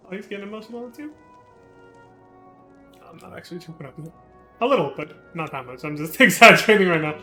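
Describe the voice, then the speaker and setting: A young man chatting casually on a live stream, self-mocking and quick to laugh at himself. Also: high-pitched, expressive, bright, forceful tone, soft background music.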